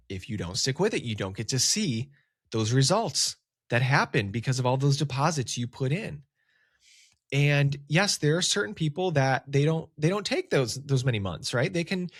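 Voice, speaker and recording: A man talking casually as a business coach on a solo podcast, with lively emphasis. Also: mid-range voice, dry recording, studio quality. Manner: casual, conversational, animated emphasis.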